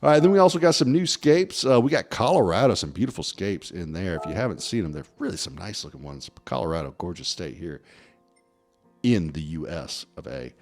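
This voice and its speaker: A man's voice: low voice, fairly quick, soft background music. A man giving casual, joking commentary over racing game footage. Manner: chatty, joking, lively. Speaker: gaming video host.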